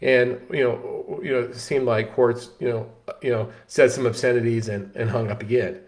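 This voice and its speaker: A man tells a story in a casual, animated way. He restarts lines often and leans on "you know". His voice sits at an ordinary middle pitch. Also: moderate pace. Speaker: host.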